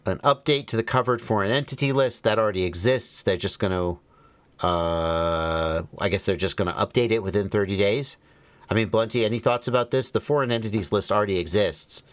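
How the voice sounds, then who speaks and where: A man's voice: fairly low pitch, fairly quick, clear, resonant tone, no room sound. A man hosting a livestream, reading phrases aloud and commenting wryly as he thinks them through. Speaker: livestream host.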